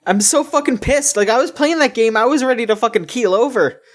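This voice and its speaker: A man's voice: extremely high pitch, a little fast. A man co-hosting a casual gaming podcast, ranting with heavy swearing. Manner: ranting, profane, animated. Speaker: podcast co-host.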